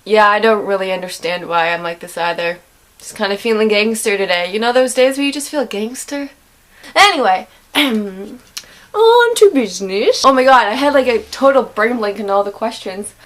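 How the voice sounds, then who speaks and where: A woman's voice: mid-range voice, a little fast, fairly bright tone. A young woman chatting casually to her vlog audience, rambling and giggling often. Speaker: vlogger.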